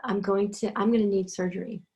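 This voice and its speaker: A steady, reassuring mare talks in a soothing, gentle way, voiced by a woman telling the story in her own everyday tone. She speaks with a plain, mid-range voice and sounds unhurried and comforting. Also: mid-range voice, slightly rough. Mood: calm. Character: calm reassuring adult mare, steady and brave.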